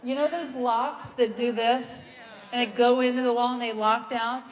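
A woman stand-up comedian telling a story live on a theater stage, in a halting, rambling, self-interrupting way. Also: a little high, steady tone. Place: theater stage before a laughing audience. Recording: long hall reverb, loud crowd and noise.

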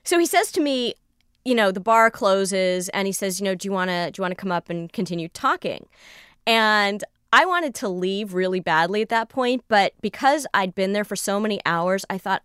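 A woman's voice: medium pitch, moderate pace, clear, resonant tone, no room sound, studio quality. A woman recounting a personal story in conversation, acting out the lines of the people in it. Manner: animated, re-enacts dialogue. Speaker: storyteller guest.

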